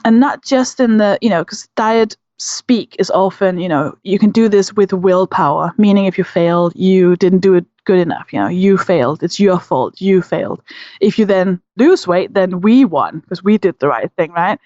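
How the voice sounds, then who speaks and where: A woman's voice: fairly low pitch, normal speed, no echo, lo-fi sound. A woman in her thirties, a comedian and author, telling candid stories in conversation, laughing often and acting out what people said. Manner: animated, laughs often, acts out quotes.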